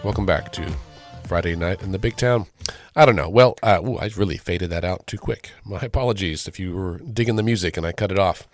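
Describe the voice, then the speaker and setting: A man's voice: low voice, brisk, dry recording, faint music behind. A male podcast host with a nasal, congested voice from a sinus cold, talking through the week's news in a casual, wry way with frequent ums. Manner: conversational, wry, sprinkled with ums. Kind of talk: casual solo commentary.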